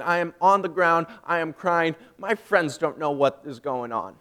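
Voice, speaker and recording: A young man giving a personal faith testimony, emotional and swinging from hushed, drawn-out phrases to loud, emphatic ones. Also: on the high side, lively intonation. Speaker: student speaker giving testimony.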